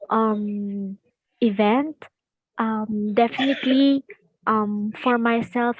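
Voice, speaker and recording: A woman guest giving short, halting thank-you remarks with many pauses. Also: mid-range voice, no echo. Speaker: event guest. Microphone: video call. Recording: dry, dull video-call audio.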